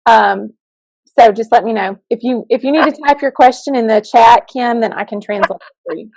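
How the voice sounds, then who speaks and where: A woman co-host speaks over a video call in a somewhat high voice with a dry, close sound. She is enthusiastic and effusive, and playfully teasing. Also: a little fast, a little mellow, dry recording, low-quality recording. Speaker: co-host, school counselor. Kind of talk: casual interview chat.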